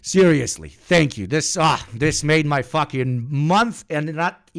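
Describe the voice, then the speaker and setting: A man from the Balkans hosting a livestream, shouting profane, hyped thank-yous to his viewers until his voice goes hoarse, then settling into calmer, sincere talk. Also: takes it slowly. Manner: calmer, low-key and sincere. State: hoarse from screaming. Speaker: livestream host.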